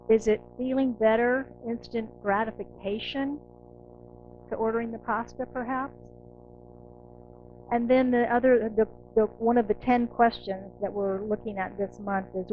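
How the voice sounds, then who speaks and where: A middle-aged woman minister giving a conversational, animated sermon, acting out inner voices. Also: on the high side, a little slow, muffled recording, faint music behind. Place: church sanctuary.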